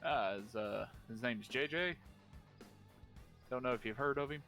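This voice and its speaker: A man's voice: mid-range voice, a little slow, a bit bright, soft background music. A man playing a tabletop game, speaking in character in an easygoing, hesitant way. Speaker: player.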